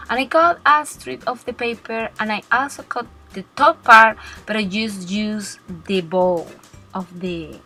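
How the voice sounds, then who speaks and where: A woman narrating a card-making tutorial step by step, pausing and searching for her words as she explains. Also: medium pitch, creaky, pushed and bright, faint music behind. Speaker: cardmaking blogger.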